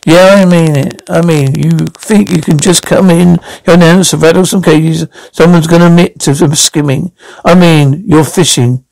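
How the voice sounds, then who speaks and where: A man voicing a nervous male money launderer who argues quickly to talk his way out of trouble. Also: on the high side, fairly even intonation, gravelly, a little mellow, poor audio. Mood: defensive.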